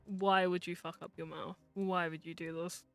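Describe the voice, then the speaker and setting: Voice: mid-range voice, flat delivery, normal speed, creaky, soft background music. A VTuber streamer in casual live-stream chat while gaming, rambling, teasing friends and muttering to themself.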